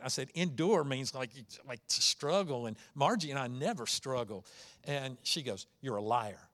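Man, sermon, bright tone, slightly high voice, storytelling. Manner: conversational, storytelling with dynamic emphasis. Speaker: pastor.

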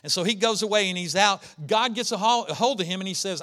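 A man delivers a sermon, retelling Bible stories in an animated way and punctuating them with rhetorical questions. His voice sits high and sounds bright and forward. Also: fast talker. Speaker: pastor.

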